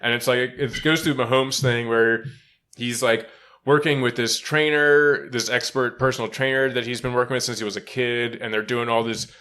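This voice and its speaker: A man co-hosting a casual sports podcast, swearing often, laughing, and breaking into shouted impressions. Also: steady tone, normal speed. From Philadelphia area. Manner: laughing, swearing, mimics people with shouted high voices. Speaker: podcast co-host.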